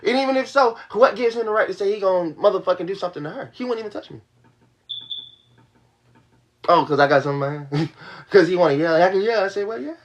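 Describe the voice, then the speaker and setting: A man's voice: high voice, fast talker, long pauses. A young man venting to his livestream audience in a heated, profane rush, repeating his points. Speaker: livestream host. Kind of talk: venting to a live stream audience.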